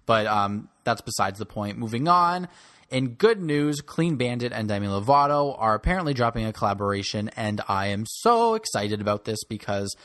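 A man's voice: on the low side, very animated, normal speed, fairly bright tone, no echo, clean studio sound. A young man giving blunt, snarky opinions on pop music as host of a solo commentary show. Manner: snarky and blunt, rants about artists.

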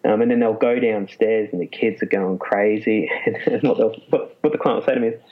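A man, a psychologist being interviewed, explaining in a lively way and laughing often. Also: fairly low pitch, a little fast. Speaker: clinical psychologist guest. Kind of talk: casual interview talk. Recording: muffled lo-fi sound.

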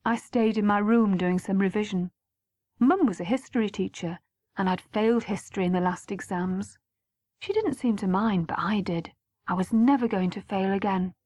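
A woman reading a first-person story aloud as an audiobook, measured and at times hushed. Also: medium pitch, no room sound. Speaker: audiobook narrator.

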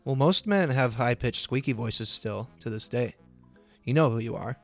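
A man's voice: mid-range voice, moderate pace, creaky, faint music behind. A man co-hosting a podcast in casual chat, playful and teasing. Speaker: podcast co-host.

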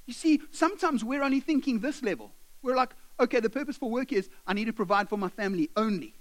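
A pastor delivers a sermon, telling stories with animation and acting out the characters. His voice is high-pitched, and the recording is rough.

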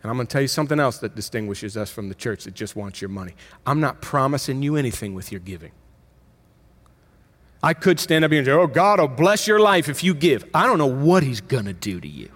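A middle-aged man delivers a sermon from the pulpit. His pitch sits in a middling range, and his delivery stays conversational, pushing up in emphasis and catching itself mid-phrase before pressing on. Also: lively intonation, fast, a bit bright. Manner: conversational preaching with emphatic rises and self-corrections. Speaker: pastor.

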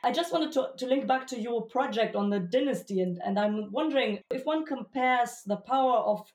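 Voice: medium pitch, normal speed, darkish tone, echoey room. A participant asking a long, tentative question in an academic discussion, hedging and thinking aloud.

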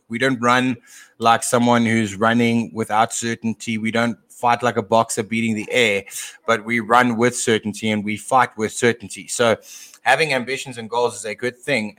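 Halting man teaching scripture. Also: medium pitch, fairly bright tone. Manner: halting, repeats words while thinking. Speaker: podcast co-host and Bible teacher; father. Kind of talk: casual scripture discussion.

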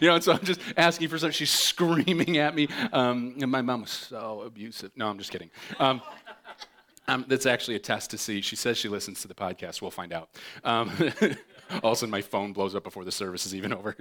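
A man's voice: medium pitch, fast talker. A middle-aged man preaching a sermon, telling comic stories and acting out voices with lots of bounce. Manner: animated, jokey, acts out voices in his stories. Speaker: pastor.

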